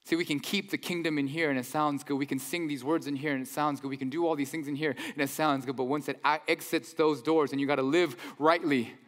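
A man preaching a sermon in a church, conversational and animated, with mock-incredulous asides. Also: a little high, fast talker, hardly any pauses. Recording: long hall reverb.

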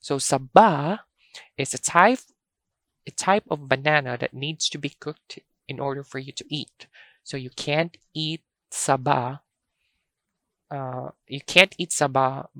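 A woman teaching a language lesson, speaking slowly and carefully and repeating each word for practice. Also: very deep voice, a bit bright, no room sound, studio quality.

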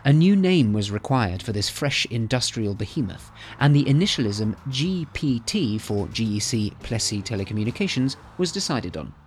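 A man's voice: medium pitch, very animated, normal speed, few pauses, a little hiss or hum. A man in his thirties hosting a podcast, narrating in a playful, chatty way with theatrical asides. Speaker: podcast host. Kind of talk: scripted comic narration.

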